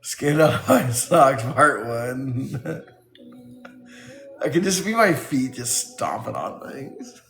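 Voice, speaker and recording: A man's voice: medium pitch, very animated, slow, fairly bright tone, echoey room, faint music behind. A man on a casual live stream who laughs often while reading his chat aloud and riffing on its jokes.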